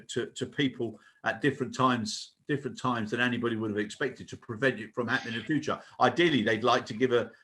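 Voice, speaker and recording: Older guy on a podcast, husky voice, earnest and persuasive. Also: mid-range voice, a bit bright. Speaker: co-host. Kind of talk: casual podcast chat.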